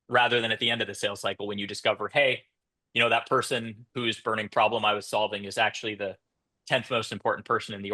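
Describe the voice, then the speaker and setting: A man's voice: lowish voice, pushed and bright. A man speaking on a conference panel about sales, thoughtful, with frequent restarts and hedges. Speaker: panelist, sales tech founder.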